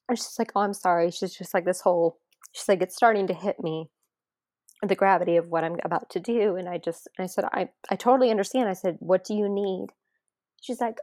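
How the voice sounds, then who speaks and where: A woman's voice: medium pitch, steady tone, a little fast, no room sound, studio quality. A woman guest in an interview, earnestly recounting a personal story and re-enacting what others said, audibly emotional.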